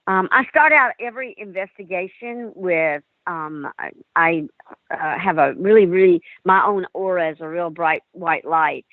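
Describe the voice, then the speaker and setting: An animated woman telling her investigation stories on a call, slipping into the voices she quotes. her voice comes through a narrow, tinny phone line, dry with no room around it. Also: lowish voice, measured pace, dry recording. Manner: animated storyteller acting out quotes. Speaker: paranormal investigator guest. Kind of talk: storytelling in a call-in interview.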